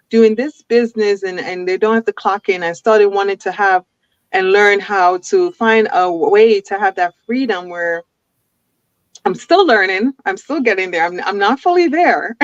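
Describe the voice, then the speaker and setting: A woman's voice: mid-range voice, no echo. Chatty woman on a dull video call. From an island. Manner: chatty, laughs often, many restarts. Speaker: guest. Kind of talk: casual interview chat. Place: home with a forest backdrop.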